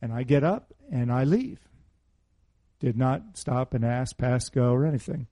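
A middle-aged male preacher with a warm, mellow tone, speaking close to the mic in a dry, dead room. He moves between scripture and a personal story and keeps asking his listeners questions in an easygoing way. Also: mid-range voice, expressive, unhurried, no room sound. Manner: conversational, asks the audience questions.

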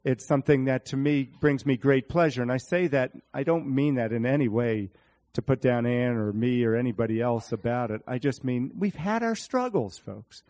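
A man preaching a sermon, animated, speaking to his congregation by name and acting out Bible scenes in different voices. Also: mid-range voice, moderate pace.

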